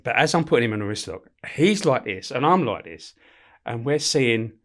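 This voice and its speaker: Middle-aged guy spinning yarns, swears a lot, laughs through it, average pitch. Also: moderate pace. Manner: animated, swears freely, laughs mid-story. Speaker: guest, former prison officer. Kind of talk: casual storytelling in a podcast interview.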